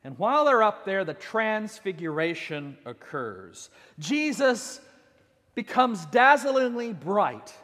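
A man's voice: sits high, big pitch swings, slow, a bit bright. A man preaching a sermon, telling the story with dramatic swings and acting out the quotes. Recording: long hall reverb.

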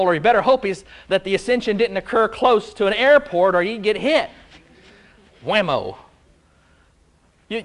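A male pastor preaching a conversational, playful sermon to a live congregation, quizzing them as he goes. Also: sits high. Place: church before a live congregation.

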